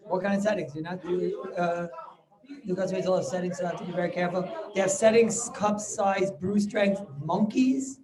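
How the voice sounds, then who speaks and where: A middle-aged man, a rabbi, giving an informal class over a video call, halting with many restarts and chuckling as he banters with students. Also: sits high, crowd noise. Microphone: video call microphone.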